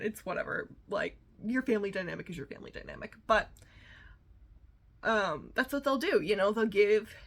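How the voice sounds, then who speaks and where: A woman's voice: mid-range voice, fairly bright tone. A woman hosting her own podcast in a casual solo chat, rambling and sassy with lots of fillers, amped up on coffee. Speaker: podcast host.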